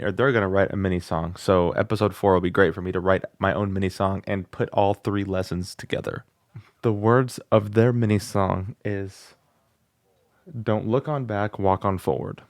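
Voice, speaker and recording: A man's voice: low voice, no echo, clean studio sound. A man hosting his own music channel, chatting casually while he works through a beginner singing course and tries the vocal exercises aloud. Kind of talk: casual vlog lesson. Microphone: studio microphone.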